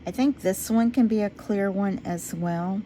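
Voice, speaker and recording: A woman chatting casually to her viewers as she works on a craft project. She talks to herself while she works and drifts into low, quiet talk when she concentrates. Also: measured pace, slight background noise. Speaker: resin craft vlogger.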